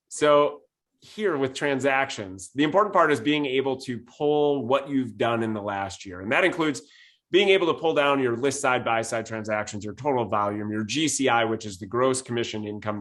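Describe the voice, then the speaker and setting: A man's voice: mid-range voice, normal speed, fairly bright tone. Methodical man teaching data-driven planning. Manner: methodical and data-focused, stresses key points with some "uh"s. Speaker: real estate business coach. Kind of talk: instructional webinar talk.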